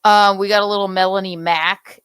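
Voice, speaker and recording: A woman's voice: mid-range voice, fairly even intonation, a little fast, fairly bright tone, clean tone, no room sound. A woman from the American South hosting a casual pop-culture chat, loose and gossipy, often laughing. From Southern United States. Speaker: podcast host.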